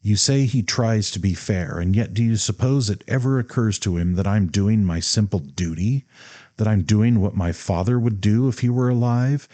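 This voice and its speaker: Man reading proud bitter young man, sharp, cold, emphatic, low voice. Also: moderate pace, natural voice.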